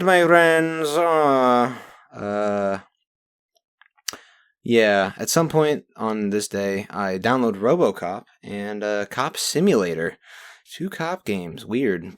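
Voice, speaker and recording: A young man recapping his week from a journal in a rambling, profane monologue that swings into rants. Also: fairly low pitch. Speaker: vlogger reading his journal.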